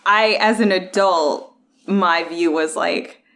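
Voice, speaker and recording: A woman's voice: fairly low pitch, slow pace, a bit bright. A young adult woman hosting a casual podcast chat, playfully contrarian and full of "like" fillers. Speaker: podcast host.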